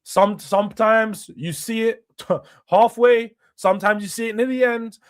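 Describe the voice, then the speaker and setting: A man's voice: sits high, normal speed. Tired, slangy young man. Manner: animated, slangy, laughs often, reads viewer comments. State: tired, yawning late at night. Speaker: host. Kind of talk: casual live-stream football chat.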